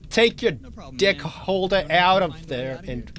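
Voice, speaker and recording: A man playing a horror game for his channel, joking and taunting the monster he's hiding from, with sudden yells and laughs. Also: high-pitched, lively intonation, takes it slowly. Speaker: gaming channel host. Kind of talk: let's play commentary.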